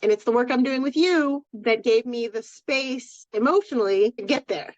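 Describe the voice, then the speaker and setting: Tearfully, a podcast co-host with a somewhat high voice tells a personal story at a moderate pace, restarting often in the casual conversation. The sound is dry, dull and lo-fi.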